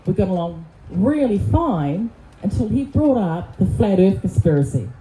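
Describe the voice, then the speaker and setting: Deadpan Kiwi woman comic in a club. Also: medium pitch, moderate pace. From New Zealand. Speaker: stand-up comedian. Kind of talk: stand-up set and panel chat. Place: comedy club. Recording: echoey club with background noise.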